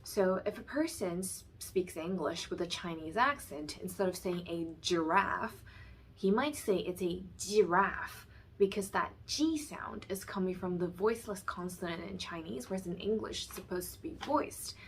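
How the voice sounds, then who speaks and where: A woman's voice: on the low side, expressive, moderate pace, hardly any pauses, slightly rough. A woman teaching Mandarin pronunciation, carefully demonstrating and contrasting sounds in an explanatory lesson.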